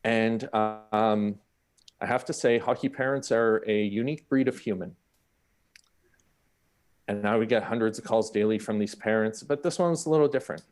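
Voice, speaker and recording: A man's voice: fairly low pitch, moderate pace. A man, speaking on a panel and telling a personal story candidly, acting out the people in it. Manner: candid, animated, acts out the people in his story.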